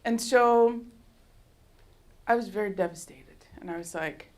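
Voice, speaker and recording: A woman artist from Canada giving a public talk in a university lecture hall, telling stories in a lively, storytelling way and often laughing. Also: medium pitch, a little slow. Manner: animated storyteller who laughs often and acts out dialogue.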